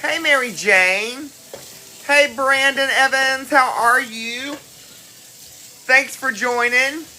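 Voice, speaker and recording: Lady chatting on a cooking live, slow easy talker, calls everybody love. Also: high voice, sharp tone, slight background noise, low-quality recording. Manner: greets viewers by name, chatty and affectionate. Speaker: cooking livestream host. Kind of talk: casual live-stream chat. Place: home kitchen.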